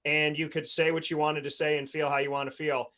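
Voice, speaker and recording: An earnest man hosts a sports panel over a video call, his voice sitting a little high for a man. He talks in long, rambling runs and often restarts his sentences. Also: flat delivery, fairly quick, fairly bright tone. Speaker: host. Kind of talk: panel discussion.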